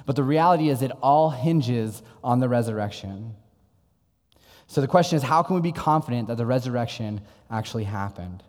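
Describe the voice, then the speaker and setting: A young man who is a pastor, giving a sermon in a relaxed, conversational style and telling stories from his own life. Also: medium pitch, fairly quick, in a large hall. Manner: conversational storytelling preacher. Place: church.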